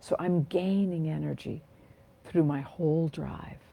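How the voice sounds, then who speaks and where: A woman voicing a calm older female qigong teacher, speaking slowly in a serene, low murmur. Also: vocal fry, highs cut off, full character voice.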